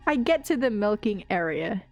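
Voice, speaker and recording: A woman streamer telling a rambling story in casual chat. She swears freely and laughs often. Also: medium pitch.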